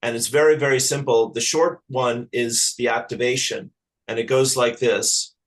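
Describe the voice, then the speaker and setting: A man from Ireland, a spiritual teacher talking as an interview guest in a halting, earnest, affectionate way with many restarts. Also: medium pitch, fairly even intonation, low-quality recording. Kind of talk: casual spiritual interview chat.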